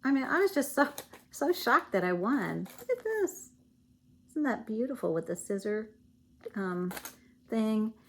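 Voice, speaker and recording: A woman's voice: fairly high pitch, expressive, unhurried, a little hiss or hum. A woman with a Southern US accent chatting casually as she shows stitching goodies in a vlog, rambling with fillers and self-corrections. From Virginia, US. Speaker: cross-stitch vlogger. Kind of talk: casual show-and-tell chat.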